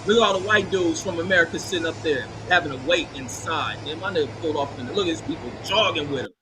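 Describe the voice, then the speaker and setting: Man, high-pitched voice, mocking profane video commentary, scornful rant, noisy background. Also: fast talker. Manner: mocking, profane, loud and scornful, laughs often. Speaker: vlogger commenting on news footage.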